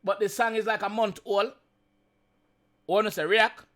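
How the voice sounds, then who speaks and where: A man's voice: high-pitched, flat delivery, unhurried, fairly bright tone. A Jamaican man hosting a reaction video, chatting casually in patois and chuckling often.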